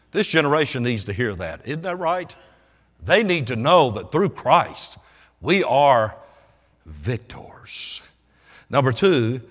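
Bright-voiced preacher in echoing hall. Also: male voice, medium pitch. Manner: swings between hushed and loud, emphatic. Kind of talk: sermon. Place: church service. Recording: long reverb of a large hall.

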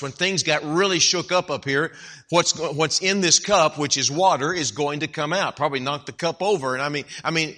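Man preaching a sermon, bright forceful tone, dramatic loud-soft swings, church pulpit. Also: a little high. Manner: dynamic swings from hushed to loud emphatic. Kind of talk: evangelical sermon.

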